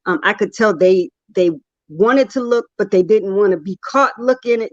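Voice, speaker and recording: A woman's voice: medium pitch, moderate pace, dry recording. A woman in her thirties chats with candid, self-mocking humor. Her voice sits dry and close, with slightly dull, muffled audio. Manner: candid, humorous storytelling with laughs. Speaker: poet guest. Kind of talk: casual chat.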